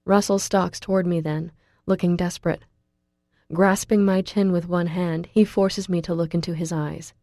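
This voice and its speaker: A woman narrates a first-person novel in a low, dark, mellow voice. She leans pleading and emotional in the heroine's lines. The recording is dry and close, from a studio booth. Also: steady tone, moderate pace, no echo. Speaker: audiobook narrator.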